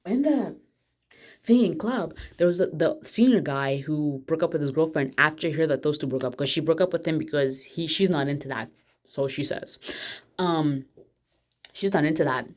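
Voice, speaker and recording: A woman excitedly recapping a show's plot in a chatty, casual way. She jumps back and forth through the story. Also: sits low, moderate pace. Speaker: vlogger.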